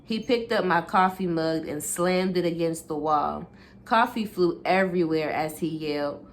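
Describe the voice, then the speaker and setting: A woman's voice: on the low side, measured pace, a little hiss or hum. A woman reading a memoir aloud in a casual way, stopping now and then to correct herself and reread.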